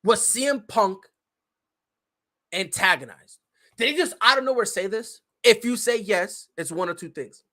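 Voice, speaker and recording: Male podcast host, heated profane ranter, animated delivery, sharp bright tone. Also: high voice, a little slow. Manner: profane, heated and opinionated, with frequent swearing. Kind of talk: casual ranting commentary.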